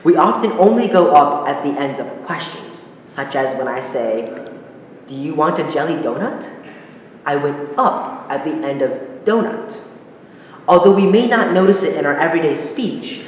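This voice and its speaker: A man giving a public speaking lesson, explaining clearly and demonstrating intonation with spoken examples. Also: fairly high pitch. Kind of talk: instructional talk to camera. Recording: very echoey hall, faint noise.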